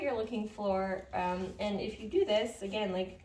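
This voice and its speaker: A young adult woman dog trainer explaining a handling exercise during a session, with soothing, low-key praise for the dog between explanations. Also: fairly even intonation, moderate pace, a little mellow. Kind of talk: hands-on training demonstration. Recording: roomy, distant mic, faint noise.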